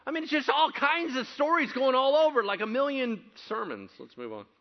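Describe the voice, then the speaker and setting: A male pastor preaching a sermon, telling stories animatedly, acting out quotes and building to loud excited passages. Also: very high voice, fairly quick, dull audio, slight background noise.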